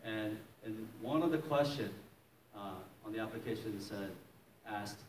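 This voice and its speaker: A man's voice: fairly low pitch, unhurried, a little mellow, a little hiss or hum. A middle-aged man, a pastor, telling a personal story in a sermon. He chuckles often and acts out the voices of the people in it. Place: church hall. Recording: echoey hall from a distance.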